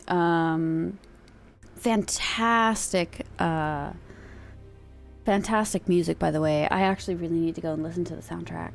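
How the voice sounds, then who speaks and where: A woman's voice: lowish voice, vocal fry. A woman streamer chatting casually in a rambling way, laughing easily. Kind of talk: casual chat.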